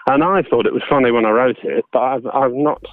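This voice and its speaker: A man, a voice actor and audiobook narrator, chatting casually in an interview, self-deprecating and quick to laugh. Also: mid-range voice, a little hiss or hum. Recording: tinny phone line, dry.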